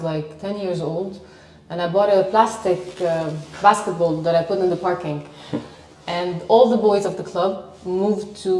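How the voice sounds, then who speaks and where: A woman's voice: lowish voice, mellow. A middle-aged woman with a Lebanese accent, a sports presenter confidently telling her life story in an interview. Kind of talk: interview conversation. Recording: echoey room, mic at distance.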